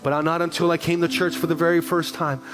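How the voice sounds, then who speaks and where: A man's voice: on the high side, level tone, quick pace. A middle-aged man pastor giving a sermon, telling stories and acting out dialogue, repeating phrases for emphasis.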